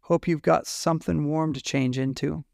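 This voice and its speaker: A man voicing a warm, kindly Australian man who speaks in a tender, reassuring way. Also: fairly high pitch, fairly even intonation, normal speed, creaky, dry recording, clean studio sound.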